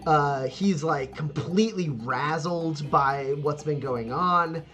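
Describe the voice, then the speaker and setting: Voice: mid-range voice, slow pace, a bit bright. A game master narrating a tabletop game in a loose, rambling way, full of fillers and laughter.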